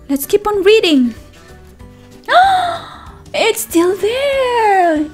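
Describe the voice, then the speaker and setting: A young woman reads a picture book to toddlers in a very high, sing-song voice that swoops up and down. She takes her time, gasping and asking the child questions. Faint music plays under her. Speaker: children's teacher reading aloud. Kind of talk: read-aloud lesson for toddlers.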